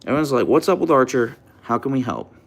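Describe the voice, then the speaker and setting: A man hosting a casual livestream, playfully talking to his husky and reading chat, his pitch jumping up when he baby-talks the dog. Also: big pitch swings, quick pace. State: sleep-deprived. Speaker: livestream host with pet huskies.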